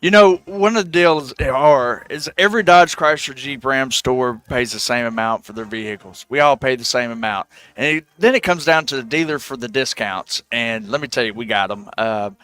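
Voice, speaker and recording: Brief: male, car dealer, eager sales pitch, smooth and clear. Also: normal speed, hardly any pauses, fairly bright tone, dry recording. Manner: eager salesman, repeats himself. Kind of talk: live radio sales pitch.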